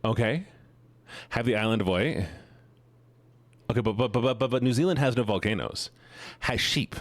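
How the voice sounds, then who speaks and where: A man's voice: medium pitch, moderate pace, no echo. A man streaming and chatting casually with his viewers, rambling and joking as he gets sidetracked.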